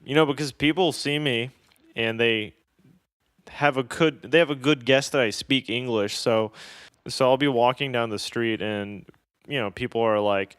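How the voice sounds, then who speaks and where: A man co-hosting a casual podcast, recounting his travels with a profane, self-deprecating humor. His voice is smooth and resonant, and it sounds close and dry with no room around it. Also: mid-range voice, normal speed, a bit bright, no room sound. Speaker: podcast co-host. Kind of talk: casual chat, travel storytelling.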